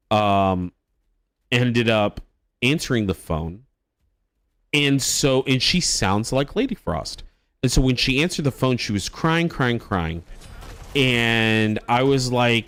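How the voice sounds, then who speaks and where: A male streamer chats to his viewers, telling a long personal anecdote in a loose, rambling way. His voice sits in a middle pitch, and he stumbles over restarts and swears freely as he goes. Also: a bit bright. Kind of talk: casual storytelling chat to a live stream.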